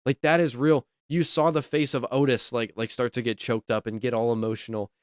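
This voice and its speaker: Excitable man, dry close sound. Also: medium pitch, a little fast, smooth, dry recording. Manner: enthusiastic, leans on "like" and repeats himself. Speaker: wrestling podcast host. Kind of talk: casual opinion commentary.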